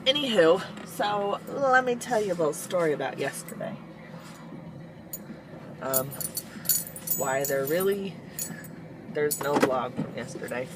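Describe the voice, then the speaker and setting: A woman's voice: sits low, lively intonation, a little slow, pauses often, noisy background. A woman chatting casually in a vlog, talking to her dogs in baby talk at home and then in her car. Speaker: vlogger.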